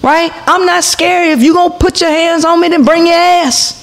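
A woman's voice: very high voice, steady tone, moderate pace. A woman in her forties, hosting a podcast, tells a heated story to her viewers, profane and full of asides to the audience. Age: 40s. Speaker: podcast host.

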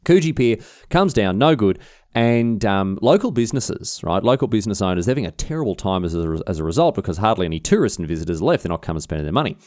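A man's voice: fairly low pitch, sing-song, fast talker, darkish tone, no echo, clean studio sound. A man with an Australian accent hosting a comedic history podcast, rambling and mock-indignant, swearing casually as he tells the story. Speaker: podcast host.

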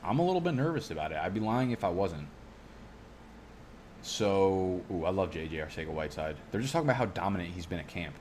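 Talking fast and very animated in a low, slightly mellow voice, a young man chats casually with viewers as he drafts a fantasy football team. He rambles, cusses freely, and veers off on tangents, over slight background noise.

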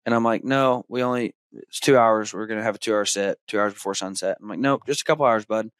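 A man, hosting a podcast and telling a story in a casual way, acting out his young son's excited shouts. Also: lowish voice, fast talker, clear, resonant tone, dry recording. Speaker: podcast host.

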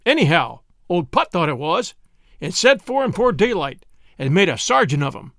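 A man's voice: sits high, very animated, normal speed, creaky, fairly bright tone, dry recording, clean studio sound, heavily acted. A man voicing a wry old country cobbler who talks in a drawling rustic dialect and teases dryly. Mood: teasing.

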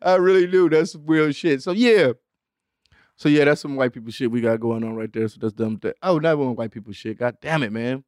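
A man hosting a podcast in casual, animated comedic chat, laughing often and slipping into exaggerated voices when he quotes people. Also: mid-range voice, a little fast, no echo, clean studio sound. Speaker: podcast host.

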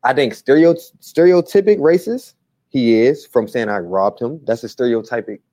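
A man with a mellow, dark voice answers an interviewer in casual, blunt bursts, often stopping and restarting his sentences. The sound is dry and close. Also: medium pitch, lively intonation, no echo. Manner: halting, repetitive, blunt. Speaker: interview guest.

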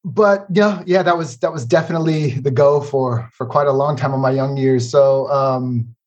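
A man's voice: medium pitch, moderate pace, a little mellow, muffled recording. An American man from Los Angeles, a podcast guest, laid-back and joking, laughing a lot. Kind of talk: casual interview chat.

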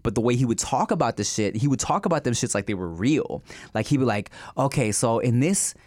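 A man's voice: medium pitch, fast talker, dry recording. Laid-back slangy guy on a dry mic. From Thai family. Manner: laid-back, slangy, laughs often and breaks into excited bursts. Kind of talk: casual chat.

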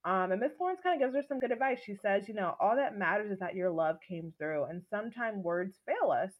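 A woman's voice: medium pitch, fairly quick, phone-quality sound. A woman hosting a podcast, animatedly recapping a TV episode and acting out the characters' lines. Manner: animated storytelling, acts out quotes. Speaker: podcast host.

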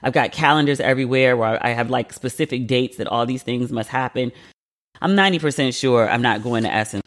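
A podcast host with a mid-range voice chats casually, loose and expressive as he rambles between plans. He swears freely and laughs at himself. His pace feels easy and everyday, if a little fast.

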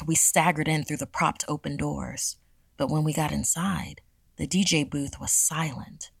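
A woman narrating a first-person horror story in a steady, measured way. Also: low voice, gravelly, dry recording.

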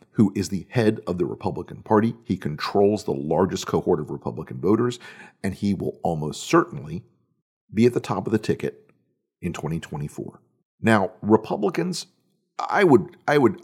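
A man's voice: low voice, a little mellow, slightly rough. A man hosting, giving an emphatic, sardonic political commentary monologue. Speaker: host.

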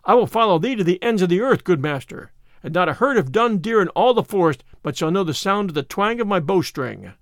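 A man reads aloud as a brawny storybook tanner, overjoyed and loud with excitement, his voice leaping up and down. The sound is dry and close. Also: sits high, a little fast, no room sound. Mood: joyful. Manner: joyful, exclaiming. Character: joyful brawny male tanner joining outlaws.

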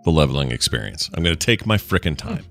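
A man with a deep, forceful voice co-hosts a relaxed morning talk show. He rambles through everyday stories, restarting and correcting himself as he goes. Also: fast, faint music behind. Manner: rambling, self-interrupting storyteller. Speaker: podcast co-host. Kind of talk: casual chat.

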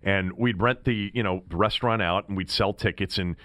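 A man hosting a sports talk show, telling stories in an animated way. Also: lowish voice, fairly quick, no room sound, clean studio sound. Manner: animated storyteller. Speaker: sports radio host. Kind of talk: sports talk radio banter.

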